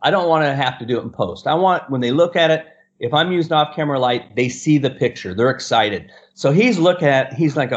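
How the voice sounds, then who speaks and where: A middle-aged man and portrait photographer telling a story in an animated way, acting out the other people's lines and laughing often. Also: mid-range voice, a little fast, hardly any pauses. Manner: acts out quoted voices and laughs often. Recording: dull lo-fi sound.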